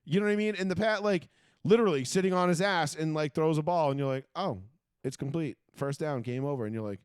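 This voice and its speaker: Profane ranting man, a bit high. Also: quick pace, smooth, dry recording, studio quality. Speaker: podcast co-host. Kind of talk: casual sports chat.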